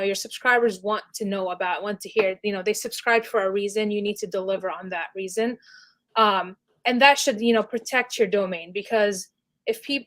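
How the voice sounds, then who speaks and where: A woman's voice: medium pitch, fairly bright tone. A woman guest on a podcast, explaining things in a casual, chatty way full of "like" and "you know". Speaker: podcast guest, email deliverability specialist. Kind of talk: casual interview chat.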